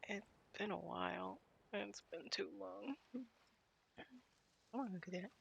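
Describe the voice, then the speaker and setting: A woman's voice: mid-range voice, steady tone, unhurried, creaky, fairly bright tone, lo-fi sound, a little hiss or hum. A woman streaming a game live, chatting casually with her viewers and laughing often.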